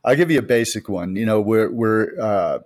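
This middle-aged co-host from the United States tells stories with emphatic energy during a relaxed faith podcast conversation. He speaks at a moderate pace in a fairly low, animated, slightly mellow voice. The studio sound is clean, with no room sound.

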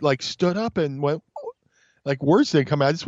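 A man's voice: a little high, normal speed, dry recording. Guy telling stories, swears a ton, does little voices, kinda muffled lo-fi audio. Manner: animated, swears a lot, acts out voices in stories. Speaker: podcast guest. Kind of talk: casual storytelling chat. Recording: dull lo-fi sound.

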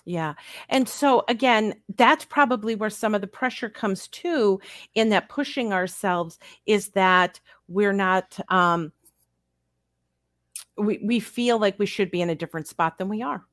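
A woman co-hosting a podcast in casual chat, speaking calmly and reassuringly. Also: medium pitch, measured pace, no echo. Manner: calm and reassuring.

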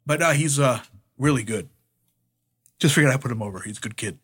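A man co-hosting a podcast, telling old wrestling stories in a profane, animated way and imitating other people as he goes. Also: mid-range voice, fairly quick, breathy edge. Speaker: podcast co-host, former wrestler. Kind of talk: casual storytelling chat.

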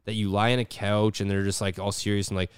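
Lower-voiced man in casual podcast chat. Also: flat delivery, quick pace, clean tone, no room sound, studio quality. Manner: rambling, filler-heavy with frequent "like"; acts out quoted voices. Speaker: podcast host. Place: his studio.

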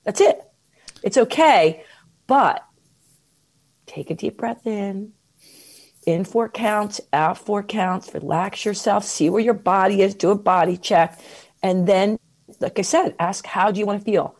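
Expressive woman guest, mid pitch, talks self-care advice with lively emphasis and slow stressed phrases. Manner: expressive, animated, slows down for emphasis. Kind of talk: conversational interview advice.

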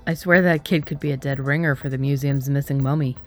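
A woman voicing a calm, dry-witted husband with Irish roots, an ex-sniper, in an audiobook mystery. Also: very deep voice, brisk, soft background music. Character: Irish-rooted husband, former sniper, calm, wry man.

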